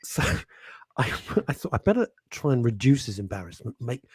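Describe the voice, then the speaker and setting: Lively, husky male radio presenter. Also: mid-range voice, moderate pace, no room sound. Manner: animated, laughing storyteller. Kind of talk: radio chat and storytelling. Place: radio studio. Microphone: studio microphone.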